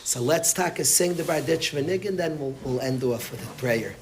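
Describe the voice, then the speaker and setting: A rabbi with a fairly high-pitched voice teaches his yeshiva class a little fast, passionately delivering the lesson in the study hall. He repeats phrases for emphasis.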